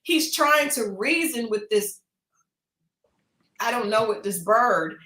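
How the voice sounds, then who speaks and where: A woman from Oklahoma co-hosting a casual podcast, acting out quotes as she tells her stories. Her voice is bright and carries a roomy echo. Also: a little high, takes it slowly. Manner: animated storytelling with quoted voices. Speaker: podcast co-host. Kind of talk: casual chat. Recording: echoey room.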